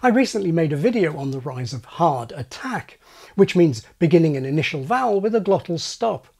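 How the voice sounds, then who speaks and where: A fairly high, husky male voice that moves lively up and down. He explains things with dry, wry asides, like an educational video host. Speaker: channel host explaining speech.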